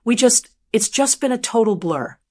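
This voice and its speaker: A woman reading the lines of an anxious adult son who rambles and pleads, a little higher than her narrating voice. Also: animated, normal speed, darkish tone.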